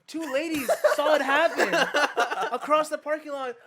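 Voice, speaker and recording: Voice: high voice, measured pace. A young adult podcast host telling a story in casual chat, swearing often and laughing through it. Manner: profane, laughing, animated storyteller.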